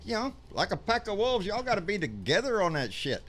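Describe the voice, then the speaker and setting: A man's voice: high-pitched, big pitch swings, fairly quick, fairly bright tone. A man hosting a live political talk show, talking bluntly and profanely in an emphatic, fired-up way. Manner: blunt, profane, fired-up, calls people "baby".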